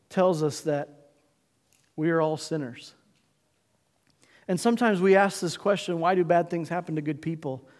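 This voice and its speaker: Male pastor, middle-aged, high voice, emphatic sermon, dramatic pauses, long church-hall reverb. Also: darkish tone. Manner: emphatic, call-and-response preaching with dramatic pauses. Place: church sanctuary.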